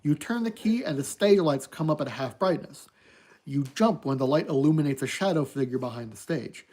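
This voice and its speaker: A streamer narrating an interactive horror book for an online audience. The voice has a mellow, darker tone, and the reading is steady and even. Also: medium pitch, normal speed. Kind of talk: reading a story aloud on stream.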